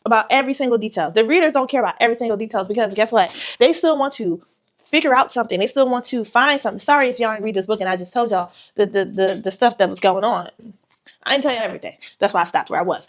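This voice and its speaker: A woman's voice: fairly high pitch, fast. A woman author giving a casual vlog tutorial, retelling a story animatedly with quoted voices.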